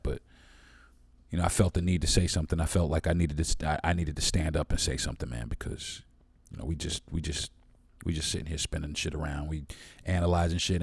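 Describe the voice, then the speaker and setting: Low-voiced man, blunt podcast host. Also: a little mellow, slightly rough, dry recording. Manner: blunt, profane and impassioned. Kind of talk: solo podcast monologue.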